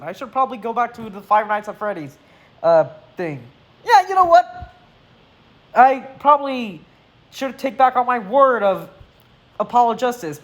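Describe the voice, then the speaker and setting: A man's voice: extremely high pitch, fairly bright tone. A man doing let's-play commentary, reading game dialogue aloud and making jokey, rambling asides. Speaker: let's player. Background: game music.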